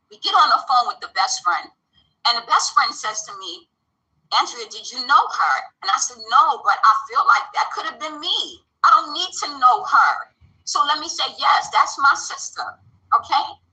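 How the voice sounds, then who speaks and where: A woman's voice: high-pitched, rough recording. A woman vlogger telling a personal story in a casual way, acting out the voices of the people she quotes, with speech. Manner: animated, acts out quoted dialogue.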